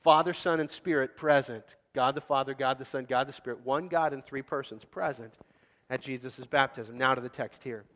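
A man preaching a sermon in a casual, animated way, acting out scenes. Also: medium pitch, moderate pace, in a large hall. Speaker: pastor.

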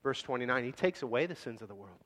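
A man preaching a sermon in a casual, animated way, acting out scenes. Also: mid-range voice, fast, big-room sound. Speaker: pastor.

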